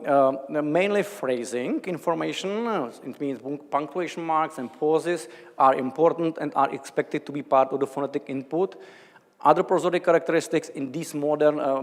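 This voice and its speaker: A man's voice: medium pitch, big-room sound. A man from the Czech Republic with a Czech accent, giving an academic lecture in a hesitant way, with many fillers and restarts. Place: large lecture hall.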